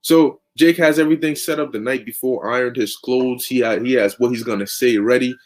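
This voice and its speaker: A man's voice: mid-range voice, fairly even intonation, fairly quick. A man preaching through a long story in casual, slangy, conversational talk. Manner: conversational, lots of fillers and restarts, slang.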